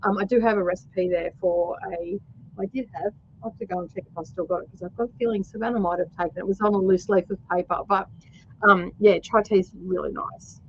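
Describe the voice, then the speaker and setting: A woman's voice: medium pitch, steady tone, fast talker, lo-fi sound, slight background noise. A woman with an Australian accent hosting a casual livestream, rambling through stories with lots of fillers and laughter. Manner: chatty storyteller, laughs often, many fillers. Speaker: host.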